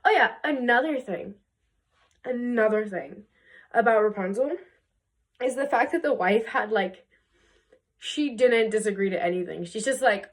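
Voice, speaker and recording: Young woman, chatty vlog storytelling, fairly high voice, lots of fillers, acts out characters. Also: lively intonation, normal speed. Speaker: video creator. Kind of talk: casual storytelling retelling a fairy tale.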